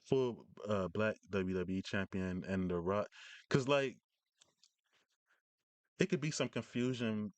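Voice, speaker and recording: A man's voice: lowish voice, slow, pauses often, dry recording. A man hosting a casual live stream, rambling through news with many fillers and restarts from his home setup.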